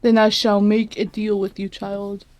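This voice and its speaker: A woman voicing a low, raspy, inhuman male Christmas demon during a live fan-fiction reading. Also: flat delivery, a little slow, darkish tone, lightly acted. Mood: menacing.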